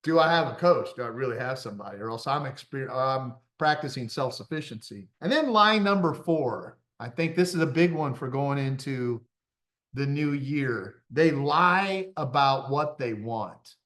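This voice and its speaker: A middle-aged confidence coach gives a motivational talk, full of animated, self-deprecating stories and frequent laughter. He has a mid-range voice and a moderate pace.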